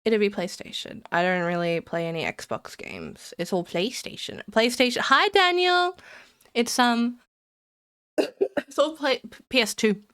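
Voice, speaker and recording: A woman streamer in casual live-stream chat, excitable and giggly, rambling and repeating herself. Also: on the high side, unhurried, clear, resonant tone, dry recording, clean studio sound.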